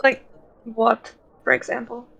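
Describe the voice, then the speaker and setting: A woman's voice: fairly high pitch, flat delivery, unhurried, vocal fry, a bit bright, slightly rough. A woman playing in a tabletop game, speaking hesitantly with many fillers, nervous in character. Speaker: player.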